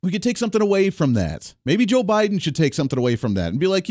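A man in his thirties hosting a talk show, telling a family story and giving opinions in an animated, indignant way. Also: high voice, fast, dry recording, studio quality. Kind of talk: opinionated monologue.

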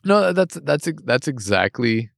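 A man in his thirties co-hosting a casual chat, animated and swearing, with mock-voiced asides. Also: mid-range voice, a little slow, vocal fry, dry recording, clean studio sound. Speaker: podcast co-host. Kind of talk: casual chat tasting beer.

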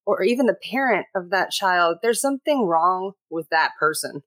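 A woman hosting a parenting podcast panel, telling stories in a lively, animated way. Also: lowish voice, normal speed, no room sound. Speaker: podcast host. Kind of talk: casual panel chat.

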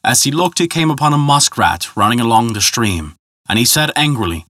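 A man narrating a folk tale in a measured, scripted storytelling style. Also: mid-range voice, animated, sharp tone, no room sound, clean studio sound.

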